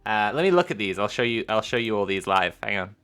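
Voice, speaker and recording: A woman streamer chatting casually with her viewers, animated and giggly, rambling with lots of filler sounds. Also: very deep voice, fast, soft background music. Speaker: live streamer.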